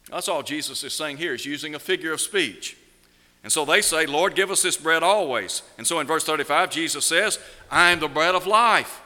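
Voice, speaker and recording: A man preaching a sermon, asking rhetorical questions and slowing down to stress key words. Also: on the high side, pushed and bright, big-room sound. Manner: measured preaching, slows down for emphasis, rhetorical questions.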